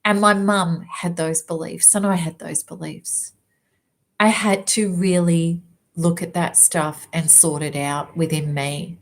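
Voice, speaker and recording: A woman self-help speaker telling a personal story in an emphatic, lively way. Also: lowish voice. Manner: lively, emphatic, quick asides. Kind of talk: storytelling talk to an audience.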